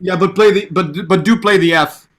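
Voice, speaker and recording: A man's voice: sits high, moderate pace. A man giving a piano lesson, patiently counting beats aloud and singing the rhythms he wants. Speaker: piano teacher. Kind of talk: online music lesson.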